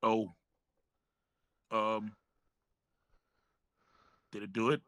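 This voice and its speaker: A man's voice: lowish voice, little pitch movement, extremely slow, fairly bright tone, dry recording. A man playing in a tabletop game, talking hesitantly with self-mocking asides. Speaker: player.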